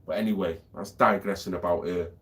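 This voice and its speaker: A man's voice: deep voice, steady tone, fairly quick. Ranting man with a cough. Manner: ranting, swears freely, asks "you know what I mean?" often. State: lingering cough. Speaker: vlogger. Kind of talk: rambling monologue.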